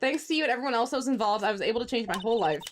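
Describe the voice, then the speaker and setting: Brief: earnest, courteous woman in charge of a museum show in a mystery game, read by a woman, fairly high and lively. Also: racing, slight background noise, close to an everyday voice. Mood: grateful. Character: composed grateful woman exhibition manager.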